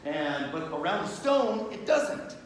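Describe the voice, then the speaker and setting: A man's voice: high voice, sing-song, a little slow. A man giving a casual classroom lecture on religion. He talks conversationally, often checks in with "right?", and acts out little scenes in quoted voices. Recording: very echoey room, faint background hum.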